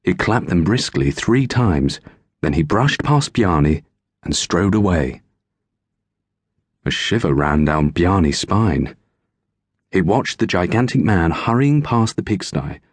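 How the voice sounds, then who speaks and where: Man, children's audiobook narrator, animated, very expressive, slow. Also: low-pitched, slightly rough, dry recording. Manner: animated storytelling. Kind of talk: scripted narration of a children's story.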